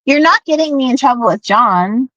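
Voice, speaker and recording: Woman guest on a livestream, high voice, dry close sound, pleading and repetitive. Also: lively intonation, moderate pace, fairly bright tone, no room sound, muffled recording. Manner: pleading, repeats herself. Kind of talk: heated livestream argument.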